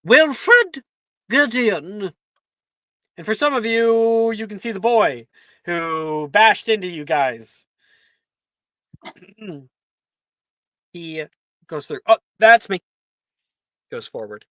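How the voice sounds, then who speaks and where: A game master narrating a tabletop role-playing game in a relaxed way, often laughing and clearing the throat. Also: medium pitch, slow pace, long pauses, dry recording.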